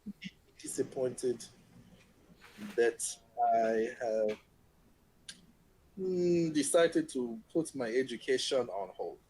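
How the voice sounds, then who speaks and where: A man playing a tabletop game, speaking in a halting, deliberate way. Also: medium pitch, animated, a little mellow, slightly rough, poor audio. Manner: halting, deliberate, in-character speech. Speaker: player. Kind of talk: tabletop role-play.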